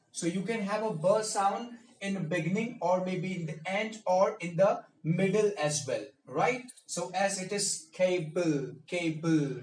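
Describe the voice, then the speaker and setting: A man speech coach giving a pronunciation lesson, repeating and drilling each word with deliberate emphasis. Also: sits high, distant mic. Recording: echoey room, mic set back.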